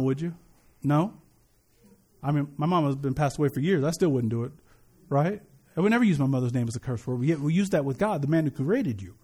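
Man, pastor, sermon, animated, joking, high pitch. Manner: animated, joking storyteller with repeated stress.

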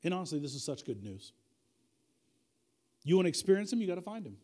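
A man's voice: high-pitched, sing-song, fast, warm tone. A man preaching a sermon as pastor, dynamic and conversational, repeating key lines for emphasis with folksy asides.

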